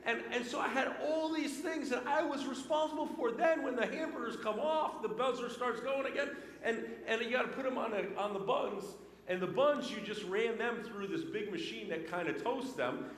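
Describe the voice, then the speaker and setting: High-voiced pastor preaching in an echoey hall. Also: male voice, normal speed, few pauses, a little hiss or hum. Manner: storytelling with lively swings between loud and hushed. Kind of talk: sermon. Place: church sanctuary. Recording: echoey church hall with long reverb.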